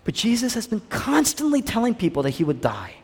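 A male pastor preaching a sermon, repeating phrases for emphasis and dropping to a hushed near-whisper at times. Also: high-pitched, wildly swooping pitch, brisk, slightly rough. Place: church hall. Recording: long reverb of a large hall.

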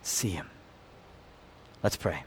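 A man preaches slowly as a pastor, moving between loud, emphatic build-ups and hushed near-whispers. Again and again, he poses questions to the congregation.

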